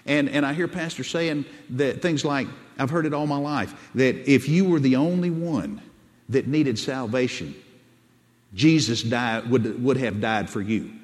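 A pastor preaches to his church, stumbling over and repeating words as he builds his point and calls the congregation to answer back. His mid-pitched man's voice rings out with the long, echoing reverb of a large sanctuary. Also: measured pace. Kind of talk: sermon.

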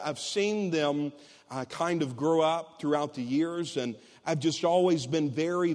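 A man in his thirties delivers a sermon in a large church, his voice a touch high and carried by long reverb. He speaks earnestly and personally, climbing into excited shouts when a story takes off. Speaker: pastor.

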